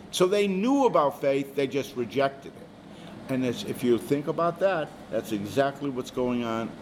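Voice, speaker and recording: A man's voice: high-pitched, a little mellow, slight background noise. A man teaching a small Bible study group in a conversational way, often putting questions to the people in the room.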